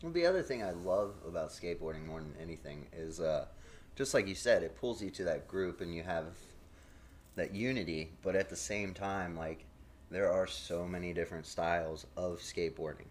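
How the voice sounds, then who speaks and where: Very deep-voiced laid-back man. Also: lively intonation, normal speed. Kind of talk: casual chat. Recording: faint background noise.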